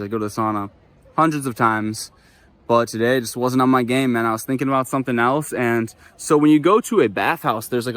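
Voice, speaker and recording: A man's voice: medium pitch, a bit bright. A young man vlogging, telling a story to camera in a casual, profane way full of "like" and "dude". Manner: laid-back, profane, heavy on "like" and "dude".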